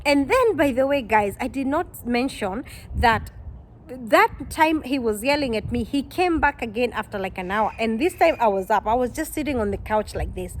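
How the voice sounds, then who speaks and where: A woman, a vlogger telling a personal story to her viewers, animated and exclaiming, quoting people in dialogue. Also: on the high side, normal speed, a little hiss or hum. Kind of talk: storytime vlog.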